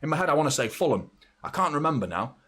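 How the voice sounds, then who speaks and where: A man's voice: fairly high pitch, big pitch swings, fast, fairly bright tone, slightly rough. A man in his thirties hosting a football watchalong live stream, talking casually and rambling as he reads out viewers' messages. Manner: chatty, rambling, reads out super chats.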